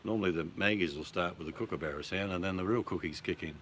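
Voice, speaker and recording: An Australian man chatting casually with viewers as host, relaxed and chatty, swearing freely. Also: sits low, fast talker, slight background noise.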